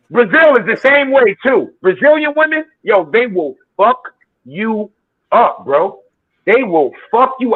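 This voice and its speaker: Man, high voice, animated, swearing a lot, phone-like tinny sound, dry. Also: dry recording. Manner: animated storytelling, heavy swearing, acts out quotes. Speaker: streamer hosting a football watchalong. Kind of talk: casual watchalong chat.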